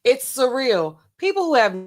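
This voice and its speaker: A woman pharmacist hosting a casual reaction commentary, talking in a sassy, colloquial, animated way. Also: normal speed. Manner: animated, sassy, colloquial, swings pitch for emphasis. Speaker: pharmacist host.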